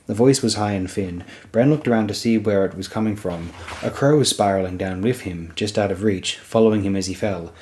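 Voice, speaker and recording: Low-voiced man reading an audiobook. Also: brisk, few pauses, darkish tone. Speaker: audiobook narrator. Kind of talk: audiobook narration.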